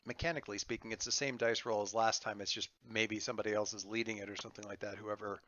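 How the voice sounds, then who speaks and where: A man's voice: on the low side, flat delivery, quick pace, fairly bright tone, highs cut off, slight background noise. A man running a tabletop role-playing game as game master, thinking aloud in a rambling, playful way with lots of fillers. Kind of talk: running a tabletop game over an online call.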